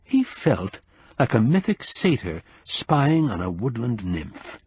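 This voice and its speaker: A man narrating an audiobook in a measured, expressive storytelling manner. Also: mid-range voice, husky.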